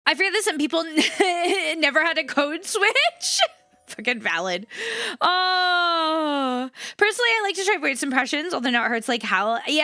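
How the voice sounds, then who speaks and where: A young adult woman VTuber chatting casually on a live stream, moving between upbeat energy and a flatter low-key tone. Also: dry recording, clean studio sound. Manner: animated, shifts between bright energetic and low flat delivery.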